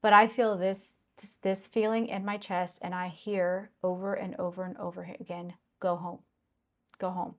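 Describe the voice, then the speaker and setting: A woman's voice: mid-range voice, little pitch movement, normal speed, few pauses, a bit bright. A middle-aged woman telling a personal story earnestly, repeating phrases and checking in with "okay?". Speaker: consultant sharing a personal story. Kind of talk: personal testimony.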